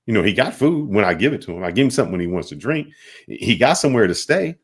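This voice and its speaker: A man's voice: fairly low pitch, very animated, fast talker, breathy edge. A man hosting a talk podcast, telling a simple parable in plain casual speech. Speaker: podcast host. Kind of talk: reflective storytelling.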